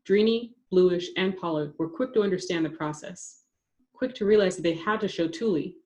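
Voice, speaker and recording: Woman narrating an audiobook, low-pitched. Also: moderate pace, a little mellow. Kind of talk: scripted narration.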